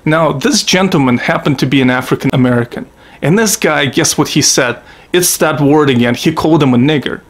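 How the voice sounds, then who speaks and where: A man's voice: fairly high pitch, a little fast. A man from Russia telling stories from his own life in a blunt, profane, rambling vlog monologue. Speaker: vlogger. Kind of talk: casual storytelling monologue.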